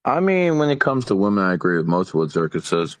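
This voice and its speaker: Deep, loud, emphatic male co-host, dry sound. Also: sing-song, quick pace, no echo. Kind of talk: casual chat.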